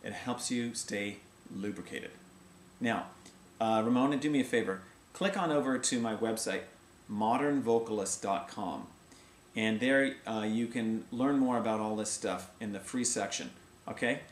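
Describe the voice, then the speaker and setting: A man's voice: fairly low pitch, moderate pace. A middle-aged man teaching a casual video voice lesson, explaining vocal technique and breaking into short sung vowel demonstrations. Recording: echoey room with faint ambient noise.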